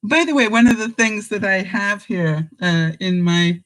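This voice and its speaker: A woman's voice: medium pitch, unhurried, low-quality recording. An older woman hosting a casual live-stream chat, talking straight to her viewers and laughing often. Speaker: vlogger host.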